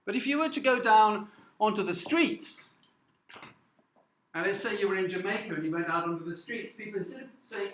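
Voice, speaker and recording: A man from the north of England giving a classroom lecture, halting with many fillers and often asking "okay?". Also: high-pitched, fairly bright tone, reverberant, rough recording. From Newcastle, north of England. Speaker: university lecturer.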